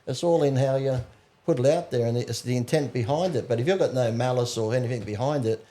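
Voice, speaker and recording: A man's voice: medium pitch, fairly quick, mellow. A middle-aged Australian man, a podcast guest, talking bluntly in casual chat and swearing freely. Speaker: podcast guest, ex-pro bodybuilder.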